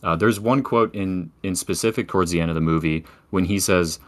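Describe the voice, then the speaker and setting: A very low-pitched man chatting casually on a podcast about a film. He speaks in a relaxed, halting way with many fillers, and his voice sounds dry and close, with no room around it. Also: no room sound. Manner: relaxed, hesitant, lots of fillers. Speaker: podcast co-host.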